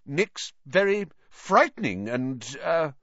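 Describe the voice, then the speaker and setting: A man's voice: on the high side, big pitch swings, slow, a bit bright, dry recording, voice pushed up, heavily acted. A man voicing an earnest, urgent schoolboy. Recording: dry, slightly dull recording.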